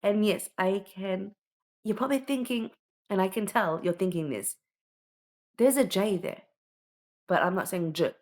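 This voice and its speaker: A woman's voice: medium pitch, measured pace, long pauses, a little mellow. A woman teaching children the alphabet, patiently sounding out each letter and often checking in with "okay?". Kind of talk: slow alphabet lesson for children.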